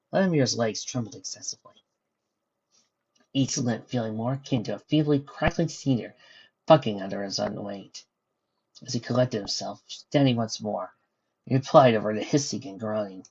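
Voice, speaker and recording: A man narrating a fan-fiction story in a steady storytelling manner, on a dull lo-fi recording. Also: lowish voice, moderate pace, breathy edge.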